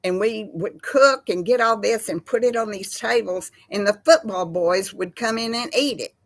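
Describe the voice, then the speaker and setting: A Texan woman, older, hosting a casual chat from her home kitchen in a slow folksy drawl. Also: medium pitch, no echo. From Texas. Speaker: host. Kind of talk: casual chat with live chat viewers.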